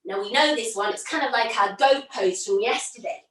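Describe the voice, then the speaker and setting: A woman leading a storytelling yoga class for young children, playful and encouraging, giving gentle instructions. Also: a little high, brisk, far from the mic. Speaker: kids yoga teacher. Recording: roomy echo, from off the mic.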